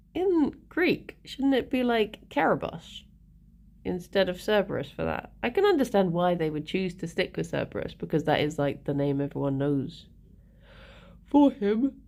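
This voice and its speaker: A woman's voice: on the low side, darkish tone. A woman live-streaming and chatting casually with her viewers, laughing often and talking to her pets. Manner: giggly, chatty, talks to pets and chat.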